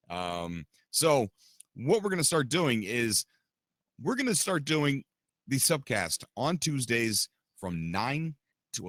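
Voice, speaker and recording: A man's voice: medium pitch, fairly bright tone, dry recording, clean studio sound. A man hosting a livestream podcast, chatting casually and rambling straight to his viewers. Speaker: podcast host and streamer.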